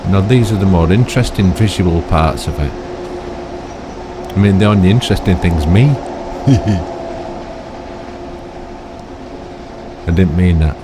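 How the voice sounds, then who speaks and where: A man's voice: deep voice, brisk, background noise. An older man giving rambling, chatty commentary on his own gameplay, full of tag questions and self-mocking asides. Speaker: gaming YouTuber.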